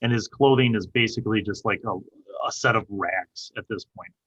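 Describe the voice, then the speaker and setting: A man as game master, narrating a tabletop game in halting description with many fillers. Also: fairly low pitch, a bit bright, slightly rough, muffled recording.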